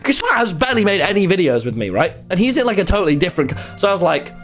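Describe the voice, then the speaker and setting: A young man telling a rambling, excitable story in a casual stream chat, full of fillers and sudden yelps. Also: high-pitched, racing, soft background music. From England.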